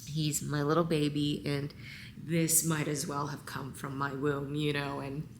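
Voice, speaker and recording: A woman vlogger talking on camera, tearful and halting, sometimes dropping to a whisper. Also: low-pitched, completely flat delivery, echoey room, background noise. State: crying. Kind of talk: emotional on-camera talk.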